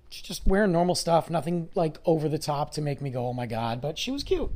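A man's voice: fairly high pitch, darkish tone. An adult man, a podcast host, telling a story in a rambling, chatty monologue full of asides and fillers. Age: adult with a school-age son.

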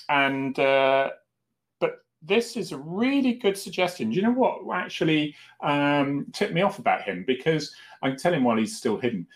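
Brief: Cornish host in his fifties, loose and chatty, animated intonation. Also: medium pitch. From Cornwall, England. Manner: chatty, rambling, laughs often. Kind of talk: casual chat.

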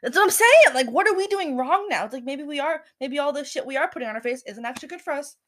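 A woman's voice: high voice, lively intonation, quick pace. A young woman co-hosting a podcast in casual chat, joking and teasing with sarcastic asides. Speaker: podcast co-host.

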